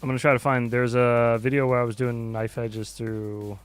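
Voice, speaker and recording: A man's voice: medium pitch, flat delivery, moderate pace, smooth, soft background music. A man hosting a livestream, chatting loosely and rambling while he flies a drone simulator, swearing often. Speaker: livestream host. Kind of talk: casual chat while flying a drone simulator.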